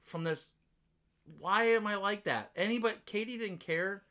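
A man rants through a casual podcast chat, animated and quick to swear. His voice sits high and sounds bright and forceful. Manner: animated, ranting, swears freely. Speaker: podcast co-host.

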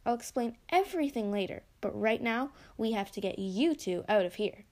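A woman voicing a calm, reassuring adult mermaid in a read-aloud story. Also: fairly high pitch, normal speed, a little hiss or hum.

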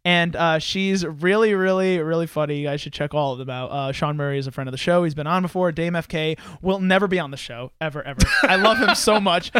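A man hosting a podcast in casual chat, excitable and profane, talking in a rambling way. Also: a little high, quick pace, few pauses, clean tone, no echo, studio quality. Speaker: podcast host. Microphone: headphones and studio mic.

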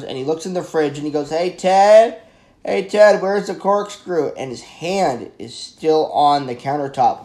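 A man talks through a horror film review in a loose, excitable ramble. He keeps tripping over his words and backtracking, and his voice sits a little on the high side. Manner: excitable, rambling, stumbles and corrects himself.

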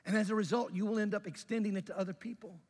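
A pastor preaches in a raised, fairly high voice, telling a story as if chatting with the congregation. His delivery is animated and pushes up for emphasis. Long reverb fills the large hall around him. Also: racing. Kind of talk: sermon.

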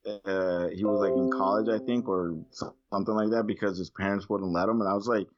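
A man's voice: lowish voice, fairly even intonation, a little fast, highs cut off. A man in his late thirties, a podcast guest in casual chat, rambling with many fillers and swearing freely. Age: 30s.

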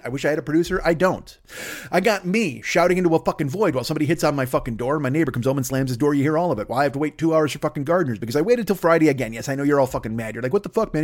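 A man hosting a solo comedy podcast from his home desk, rambling and self-deprecating, swearing constantly. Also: fairly high pitch. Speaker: podcast host.

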